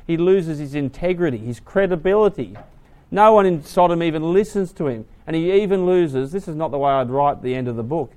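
A man preaching a sermon, retelling a story dramatically, swinging from hushed to loud. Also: on the high side.

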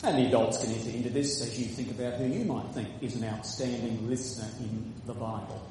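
A man preaching a sermon, quizzing his congregation and reading scripture slowly and earnestly. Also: medium pitch, dark tone, slight background noise. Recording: echoey hall recording.

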